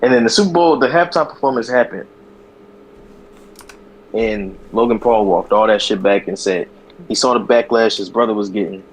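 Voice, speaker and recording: Podcast co-host, male, lower voice, animated and profane, slangy storyteller. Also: moderate pace, pauses often, husky, rough recording. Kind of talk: casual chat.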